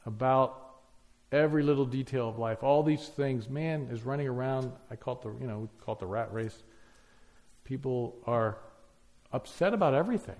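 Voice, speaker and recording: A man's voice: mid-range voice, moderate pace, a little mellow. A man preaching a sermon, emphatic, piling up lists and rhetorical questions.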